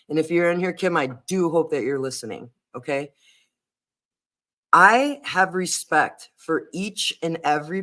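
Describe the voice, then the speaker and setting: A hesitant, earnest man talks through a casual livestream as its host. His voice sits a little high for a man, and he keeps stopping to say um and start his sentences again. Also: bright, forceful tone. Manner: hesitant, earnest, many fillers and restarts.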